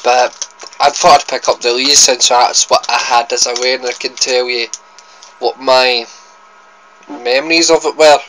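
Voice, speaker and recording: Trying sweets on camera, this young Scottish food vlogger speaks with a Scottish accent in a mid-range, steady voice at normal speed. The tone is bright and forceful, and he's chatty and rambling, often cutting himself off. Slight background noise mars the low-quality recording.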